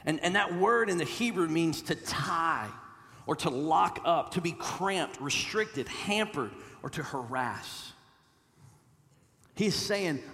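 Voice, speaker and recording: Pastor, male, fairly high voice, earnest sermon delivery with echoing hall reverb. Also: lively intonation, unhurried. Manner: earnest, repeats words, swings from loud pleading to hushed.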